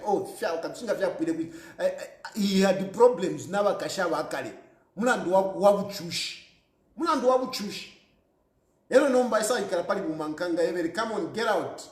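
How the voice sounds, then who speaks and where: A man with a Zambian accent and a high, reverberant voice delivers emphatic political commentary. He repeats his points, laughs often, and switches between English and Bemba.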